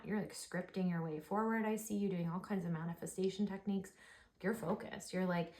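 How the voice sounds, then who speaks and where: A woman reads oracle cards in an excited, gushing rush, filling her talk with "like". Her voice sits a little low. The sound is roomy and echoey. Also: fairly quick. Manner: excited, gushing, heavy use of "like". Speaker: oracle card reader. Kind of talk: spiritual card reading. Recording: echoey room.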